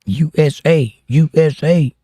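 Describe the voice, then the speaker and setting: A man's voice: a little high, unhurried, dark tone, husky, no echo. A middle-aged American man hosting a casual livestream, reading viewer comments aloud with playful, combative banter. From United States. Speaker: livestream host.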